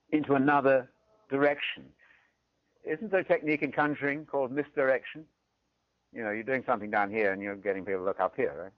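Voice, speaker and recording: A man's voice: fairly high pitch, dry recording. A man from Britain, giving a theology lecture and often checking in with the audience. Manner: animated, often checks in with "right?". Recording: dull, dry lo-fi recording.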